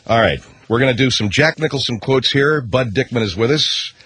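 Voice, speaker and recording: A man's voice: medium pitch, lively intonation, normal speed, fairly bright tone, slightly rough. A middle-aged man hosting a comedy radio show, joking wryly and bickering with exasperation. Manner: wry, exasperated banter.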